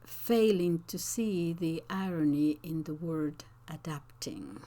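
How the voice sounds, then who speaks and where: Lady teacher chatting to her viewers, low voice, really slow, lots of ums and restarts. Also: mellow. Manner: slow, thoughtful, with hesitations and restarts. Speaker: language teacher and channel host. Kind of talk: unscripted talk to camera answering comments.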